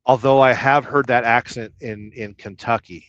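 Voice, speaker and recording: In lo-fi audio, a man with a mid-range, fairly bright voice and fairly even intonation hosts a casual live stream from inside his truck. At a moderate pace, he rambles, cracks jokes, and reads comments from viewers aloud.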